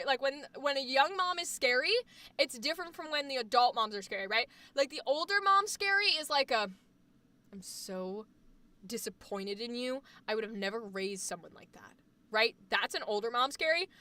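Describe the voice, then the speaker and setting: A woman streamer in casual chat, animated and profane, swinging between loud and soft. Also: high voice, no echo. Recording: dry sound, voice a bit far from the mic.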